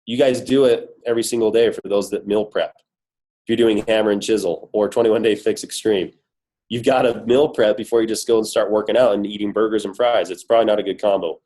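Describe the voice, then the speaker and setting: A corporate guest speaker on a team coaching call gives an upbeat, emphatic motivational talk packed with rhetorical questions. He has a cold, so his voice, low-ish with a dark tone, sounds worn, though he stays steady and brisk. The recording quality is low.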